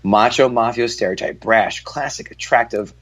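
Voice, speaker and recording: A man's voice: mid-range voice, moderate pace, a bit bright, breathy edge, lo-fi sound. A man from New York, a comedian guest on a podcast, telling brash, profane, jokey stories in casual banter.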